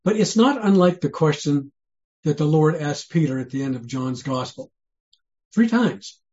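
A man's voice: a little high, animated, normal speed, a little mellow. A man preaching a sermon in an earnest, conversational way. He asks many rhetorical questions and often restarts his sentences. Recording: dull lo-fi sermon recording.

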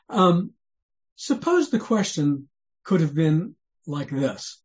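A man's voice: fairly high pitch, sing-song, takes it slowly, pauses often. Earnest preacher man, muffled lo-fi sound. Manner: earnest, conversational preaching with frequent restarts and rhetorical questions. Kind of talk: sermon. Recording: dull lo-fi sermon recording.

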